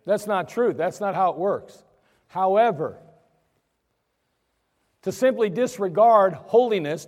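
A man preaching a sermon as pastor, emphatic, acting out the voices he quotes. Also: sits high. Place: church sanctuary. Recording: church sanctuary with long reverb.

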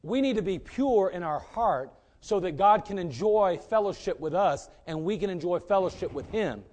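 A man preaching a sermon as pastor, emphatic and rising to loud peaks. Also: high-pitched, expressive, moderate pace.

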